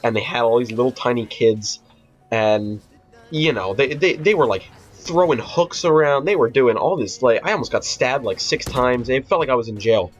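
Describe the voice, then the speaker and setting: A teenage boy tells a rambling, profane story in casual vlog style, with steady fillers and restarts. His voice sits at a medium pitch. The audio is dull and lo-fi with faint music underneath. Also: normal speed. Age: teens. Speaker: vlogger.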